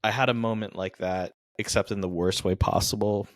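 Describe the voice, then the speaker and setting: Low-voiced man, dry close sound. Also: fairly even intonation, fairly quick, dry recording. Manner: chatty, self-deprecating storyteller. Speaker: podcast co-host. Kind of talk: casual film review chat.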